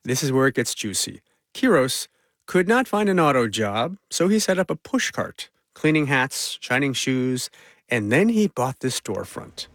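A male reporter narrating a news feature in a measured, conversational way. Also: medium pitch, very animated, dry recording.

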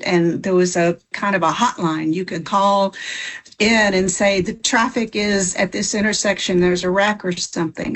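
A woman interviewee explaining something in a casual, informal way, with some restarts. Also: mid-range voice. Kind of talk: casual recollection.

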